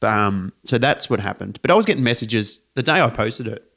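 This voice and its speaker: An easygoing young man co-hosting a podcast, chatting casually in a mid-pitched voice. He relaxes into storytelling and slips in quoted lines from people he talked to. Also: expressive, fairly quick, vocal fry, fairly bright tone. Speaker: podcast co-host. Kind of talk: casual chat.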